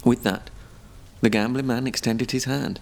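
Gravelly-voiced male story narrator. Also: medium pitch. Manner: measured, expressive storytelling.

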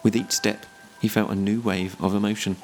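A man narrating a written story in a measured, expressive storytelling manner. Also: fairly low pitch, soft background music.

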